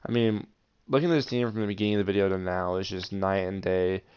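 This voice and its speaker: A young man hosting his gaming channel, commenting over football video game footage in an excitable way with frustrated outbursts. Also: sits low, quick pace, clean tone. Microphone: voice-over over gameplay.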